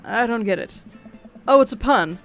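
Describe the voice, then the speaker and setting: A woman's voice: fairly high pitch, animated, moderate pace, gravelly, soft background music. A woman streamer reading a dating game aloud, playing the dad and narrating, with casual, wry asides.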